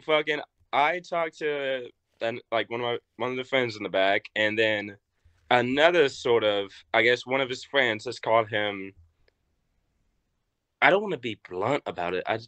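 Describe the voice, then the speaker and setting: A man's voice: moderate pace, smooth, no room sound. Young man telling a wrestling story. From Arkansas. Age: young adult. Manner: animated storyteller, acts out quotes with big pitch jumps. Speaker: wrestler guest. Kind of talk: casual storytelling chat.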